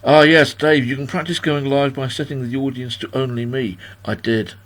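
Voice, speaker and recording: Older man hosting a home livestream party, medium pitch, rambling and self-deprecating, reads out viewer comments. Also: steady tone, normal speed, fairly bright tone. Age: 60s. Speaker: host of a livestream birthday party. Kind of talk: casual chat.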